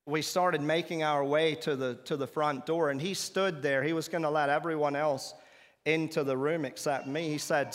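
A man's voice: on the high side, fairly even intonation, moderate pace, big-room sound. A man telling an earnest testimony as a sermon, with emphatic spoken prayers. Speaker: preacher giving testimony.

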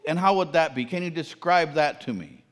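A man with a high voice delivers a sermon. He asks his listeners questions and repeats phrases for emphasis. His voice rings out with a long reverb in a large hall. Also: a little fast. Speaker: preacher.

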